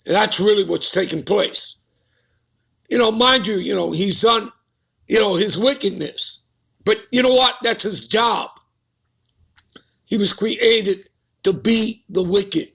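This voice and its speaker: A man preaches a Bible-study sermon, repeatedly putting rhetorical questions to his listeners and checking in with them. His voice is high-pitched and gravelly, pushed and bright, with a breathy edge.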